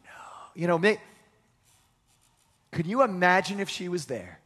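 A man's voice: sits high, sing-song, unhurried, fairly bright tone, in a large hall. A male pastor preaching a sermon in a conversational way, with acted-out asides, in a church sanctuary.

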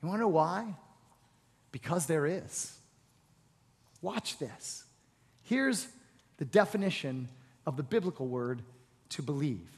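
High-voiced preacher in a reverberant hall. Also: male voice, slow pace, pauses often, husky. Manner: animated preaching, asks the congregation questions, builds to loud emphatic peaks. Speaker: pastor. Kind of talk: sermon.

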